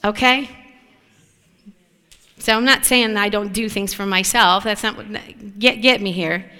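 A woman preaching a sermon in an animated way, often asking the listeners whether they agree. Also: mid-range voice, a little slow, clear, resonant tone. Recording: long hall reverb.

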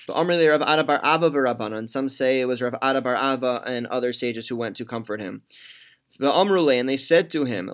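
A man's voice: on the high side, fairly bright tone. A man teaching a Talmud class, reading Aramaic lines aloud and then explaining them in plain, conversational English. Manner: conversational with fillers and restarts.

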